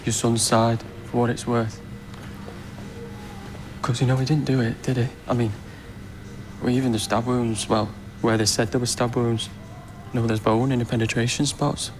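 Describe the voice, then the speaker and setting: An actor playing a nosy, awkward middle-aged shop clerk who rambles and hesitates. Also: male voice, mid-range voice, flat delivery, moderate pace, long pauses, soft background music, close to an everyday voice. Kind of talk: TV drama acting.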